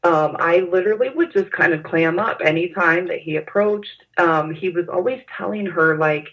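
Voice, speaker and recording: A woman recalling events in an interview, speaking haltingly with frequent pauses and fillers. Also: lowish voice. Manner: hesitant, halting with many fillers. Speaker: interview guest. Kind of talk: personal recollection in an interview. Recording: dull lo-fi sound.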